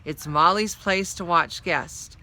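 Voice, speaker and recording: A woman's voice: lowish voice, takes it slowly, bright, forceful tone. A woman reading the part of a grown male traveler who guards the children, speaking firmly with warnings. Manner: firm, warning. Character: stern protective male traveler, grown man.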